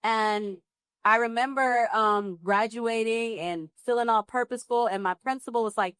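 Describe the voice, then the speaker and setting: A woman from New Jersey, a guest actress telling her story in a live interview, with lively acted-out dialogue. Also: fairly high pitch, moderate pace, clean tone, no room sound, studio quality. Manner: animated, acts out dialogue with laughs and exclamations. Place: live pop-up event at a film festival.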